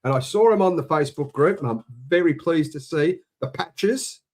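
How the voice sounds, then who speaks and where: Chatty Aussie livestream co-host, middle-aged man, a touch high. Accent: Australian. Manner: chatty, reading out viewer shout-outs. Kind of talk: casual chat.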